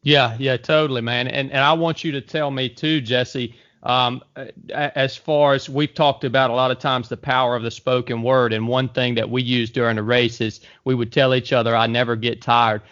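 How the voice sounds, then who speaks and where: A man's voice: medium pitch, flat delivery, moderate pace, a bit bright, no room sound, muffled recording. A male podcast host asking long, rambling questions, restarting often and tacking "man" onto his sentences. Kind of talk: conversational podcast interview.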